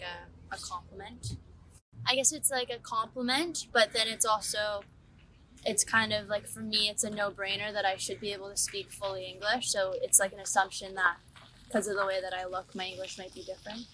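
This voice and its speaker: A woman's voice: mid-range voice, far from the mic, noisy background. A woman speaking casually in an interview, with many "like" fillers.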